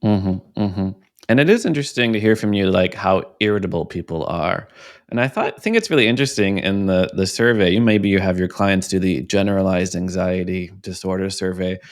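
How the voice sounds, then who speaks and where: A man hosts a podcast interview in a fairly low voice. He is relaxed and affirming and murmurs agreement often. His questions wander a little before he lands them. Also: brisk. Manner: relaxed, affirming, asks long rambling questions. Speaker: podcast host.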